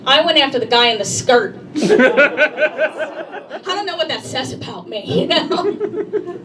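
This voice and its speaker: A woman's voice: sits high, expressive, slow pace. A woman performing a stand-up comedy set, brash and conversational, talking straight to the crowd. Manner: brash, conversational, addresses the audience directly. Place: comedy club stage. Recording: distant mic, noisy room ambience.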